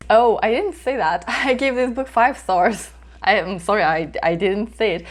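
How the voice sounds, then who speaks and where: Woman, book review vlog host, casual chat, mid-pitched voice, hesitant, laughs often. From North America. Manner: chatty and hesitant, with frequent small laughs.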